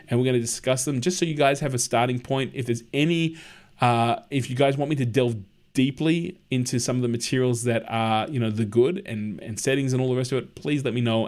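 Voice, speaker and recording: A man hosts a relaxed livestream at an ordinary middle pitch. He chats in a friendly, rambling way, answering viewer comments and telling stories along the way. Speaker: livestream host. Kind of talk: casual livestream chat.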